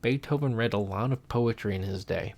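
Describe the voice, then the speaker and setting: Low-voiced man analyzing piano music. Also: fairly quick, darkish tone. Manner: enthusiastic, talks over piano playing, scats melodies aloud. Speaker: music lecturer. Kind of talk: casual spoken music analysis. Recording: faint piano music behind.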